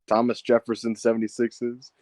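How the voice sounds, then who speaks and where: A man in casual chat with friends, teasing them with quick interjections. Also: mid-range voice, completely flat delivery, a little mellow, dry recording. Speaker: podcast co-host.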